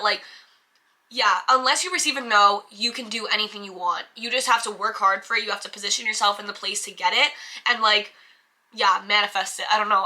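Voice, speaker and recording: Bright-voiced chatty young woman vlogger. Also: medium pitch. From United States. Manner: chatty, filler-heavy, animated self-talk. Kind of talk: casual chat to camera.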